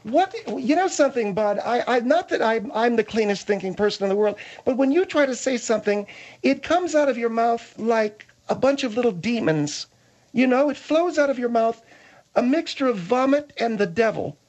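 A woman voicing a sharp-tongued, snappy woman who trades insults. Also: a little high, lively intonation, moderate pace, highs cut off. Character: sharp-tongued bickering woman called Margaret.

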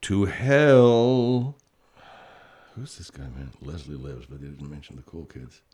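A man's voice: a bass voice, fairly even intonation, fairly quick, dark tone, breathy edge. A male radio show host in casual, profane chat who rambles and laughs easily.

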